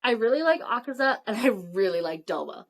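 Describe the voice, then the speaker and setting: A woman with a fairly high voice co-hosts a casual podcast. She talks loosely, with a lot of "like" in her sentences. She acts out characters' lines as she talks. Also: very animated, fairly quick. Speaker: podcast co-host. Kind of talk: casual chat.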